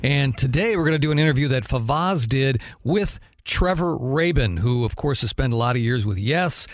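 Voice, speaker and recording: A man's voice: medium pitch, animated, normal speed, no echo, studio quality. Easygoing man hosting a podcast. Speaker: podcast host. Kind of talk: casual podcast chat.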